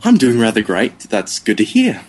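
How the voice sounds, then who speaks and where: A man's voice: fairly low pitch, huge pitch swings, moderate pace. A man making prank phone calls in a put-on British accent, mocking and crude, swearing now and then. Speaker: prank caller.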